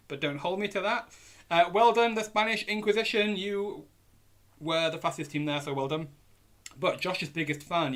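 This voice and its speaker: Young male quiz host, Yorkshire accent, upbeat and casual, voice on the higher side. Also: fairly bright tone. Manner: chatty, jokey, reads options slowly. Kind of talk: live online pub quiz hosting. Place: indoors at home on a hot day.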